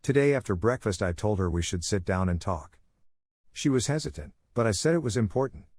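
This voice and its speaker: A man reading online relationship stories aloud as a narrator, in a plain, even delivery. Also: lowish voice, a little fast, dry recording, studio quality. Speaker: story narrator. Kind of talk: scripted narration of online posts.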